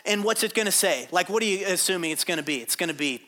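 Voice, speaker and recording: A man preaching a sermon from a church stage, with a bright, ringing voice pitched a bit high. His delivery is informal. He reads scripture aloud, jokes, and puts questions to the audience. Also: expressive, fast talker. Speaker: pastor.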